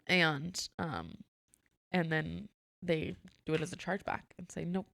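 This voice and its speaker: A woman's voice: sits low, a little slow, gravelly. A woman co-hosting a podcast, telling a workplace story in casual chat and acting out the dialogue with frequent laughs. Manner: animated storyteller, acts out dialogue, laughs often. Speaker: podcast co-host.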